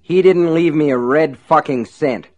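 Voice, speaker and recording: A man reading aloud and voicing a dazed, hot-tempered small-town man who talks in a thick, rough way. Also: mid-range voice, moderate pace, dull audio, natural voice. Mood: furious. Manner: thick, sleepy, then furious.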